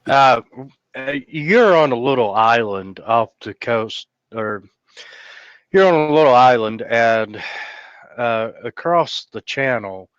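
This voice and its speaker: Man, game master, slow, smooth, hesitant, dry lo-fi audio. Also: medium pitch, animated, fairly bright tone, no echo. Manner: hesitant, many uh fillers. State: hiccups. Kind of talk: narrating a tabletop game.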